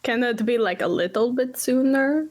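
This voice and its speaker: High-voiced bubbly woman gamer. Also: moderate pace, darkish tone. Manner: bubbly, laughs often. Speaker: player. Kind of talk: tabletop game play, casual chat.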